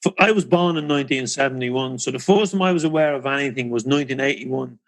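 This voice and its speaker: A podcast host in his forties frames long, scene-setting questions in a casual interview. His voice is mid-range and he talks fast.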